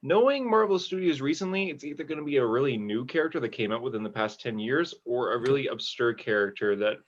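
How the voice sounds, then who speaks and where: A man hosting a casual podcast, running through the week's news in a relaxed, rambling way. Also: medium pitch, fast talker, lo-fi sound. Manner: relaxed, newsy, rambling with fillers. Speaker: podcast host.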